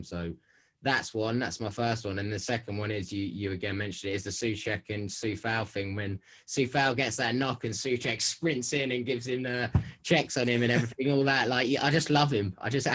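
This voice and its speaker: A fairly low-voiced man co-hosting a casual football podcast. He is enthusiastic and lays out his points one after another in an easy, chatty way. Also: fairly bright tone, rough recording. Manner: enthusiastic, runs through points in order. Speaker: podcast co-host.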